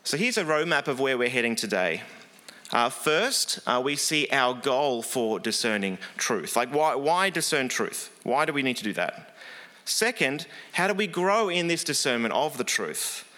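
A man's voice: medium pitch, sing-song, normal speed, pushed and bright. A man preaching a sermon in an earnest, conversational way, with frequent fillers.

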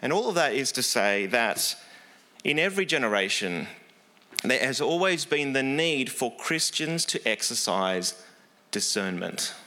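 A man's voice: medium pitch, sing-song, measured pace, sharp tone. A man preaching a sermon in an earnest, conversational way, with frequent fillers.

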